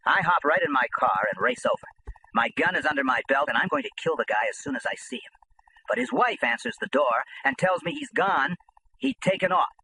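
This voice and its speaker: A man narrating a first-person memoir as an audiobook, in an animated, tough-talking storytelling manner. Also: fairly high pitch, fairly quick, a little hiss or hum, rough recording.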